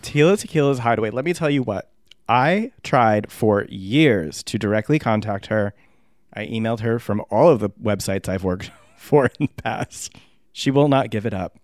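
A man's voice: lowish voice, lively intonation, moderate pace, dry recording, studio quality. A man co-hosting a casual music review podcast, joking and laughing often. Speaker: podcast co-host.

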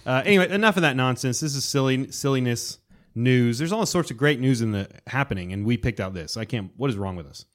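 A man co-hosting a casual podcast chat, excitedly retelling a story and acting out characters and sound effects. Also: mid-range voice, brisk. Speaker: podcast co-host.

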